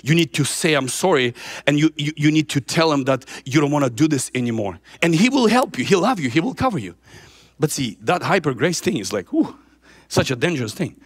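Animated, emphatic male preacher. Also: on the high side, fairly quick, breathy edge. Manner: emphatic, repeats himself for stress. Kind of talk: informal sermon.

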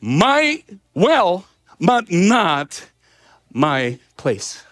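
Brief: male preacher, high and very expressive, husky, dry close sound, animated testimony. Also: normal speed. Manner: animated, laughing, acts out dialogue. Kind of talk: sermon testimony storytelling.

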